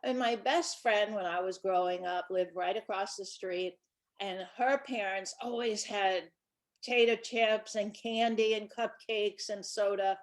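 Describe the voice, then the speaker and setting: A woman's voice: medium pitch, steady tone, measured pace. A woman who writes children's books, talking casually and chattily about her books, with small restarts. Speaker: children's book author.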